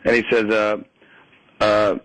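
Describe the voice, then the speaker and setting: A man, a comedian, telling stories in a casual phone interview, animated and laughing, with many quick restarts. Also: lowish voice, no room sound, poor audio. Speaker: guest comedian. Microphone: phone line.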